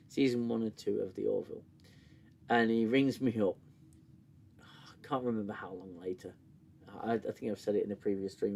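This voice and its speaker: A man hosts a casual livestream in a middle-pitched voice. He rambles candidly, swears freely and breaks into laughter easily as he talks. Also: gravelly, darkish tone. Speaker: host of a TV review livestream.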